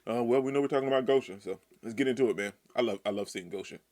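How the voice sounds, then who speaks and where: A man reading a manga aloud and reacting in excited, slangy outbursts. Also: mid-range voice, rapid-fire.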